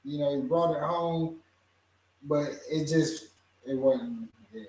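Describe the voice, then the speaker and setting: A man's voice: a little high, takes it slowly, darkish tone. A man hosting a casual podcast chat, easygoing, laughing often and hedging with fillers. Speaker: podcast host. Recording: echoey room, voice far from the mic.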